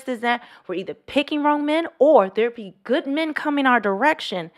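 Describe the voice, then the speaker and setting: Emphatic woman giving reaction commentary. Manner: emphatic, drops to slow low tone for emphasis. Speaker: commentary vlogger.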